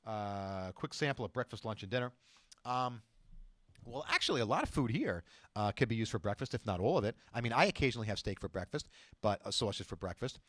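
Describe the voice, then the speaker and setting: A man's voice: on the low side, very animated, a little fast, fairly bright tone, no echo. Chatty rambling man, dry close sound. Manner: rambling, chatty, many fillers and restarts. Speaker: show host giving diet advice. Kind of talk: casual talk to camera.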